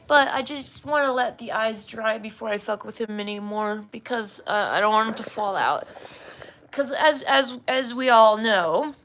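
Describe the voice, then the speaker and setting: A woman's voice: mid-range voice, fairly bright tone. A woman livestreaming from home with a slight slur, chatting to viewers in a rambling, self-deprecating way and laughing often. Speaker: livestreamer and artist. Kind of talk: casual livestream chat. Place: at home, indoors.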